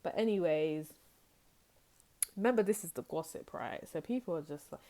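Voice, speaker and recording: A young woman gives a casual tarot reading straight to her viewers. Her voice sits low and mellow for a woman. She talks in a loose, rambling way and jumps into quoted reactions. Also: moderate pace. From United Kingdom. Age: young adult. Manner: chatty and rambling, acts out quoted reactions with high exclamations. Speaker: tarot reader.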